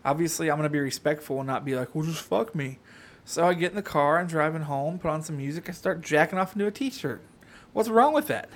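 A man co-hosting a podcast, talking in crude, low-key banter. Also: animated, fast talker, fairly bright tone. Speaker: podcast co-host. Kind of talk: casual chat.

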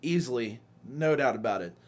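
A man's voice: mid-range voice, expressive, moderate pace, a little mellow. A young man co-hosting a casual podcast chat, ranting animatedly with lots of swearing and laughter. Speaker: podcast co-host.

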